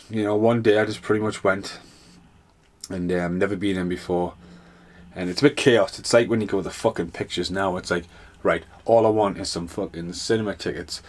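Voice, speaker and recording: A man hosting a podcast, rambling through a casual, sweary solo rant. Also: low-pitched. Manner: rambling, sweary, animated storytelling. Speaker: podcast host.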